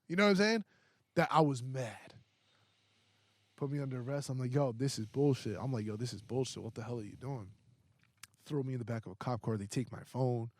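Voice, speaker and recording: This young guest on a podcast talks at a fairly quick clip in a medium-pitched voice, telling a casual, animated story laced with heavy profanity and constant fillers. There's no echo, and the audio is studio quality.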